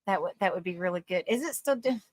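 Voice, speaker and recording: A woman's voice: lowish voice, animated, fast talker, darkish tone, dry recording. A woman hosting a casual livestream, reading viewers' comments aloud, laughing often and rambling through restarts, calling people honey and sweetie. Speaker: live stream host.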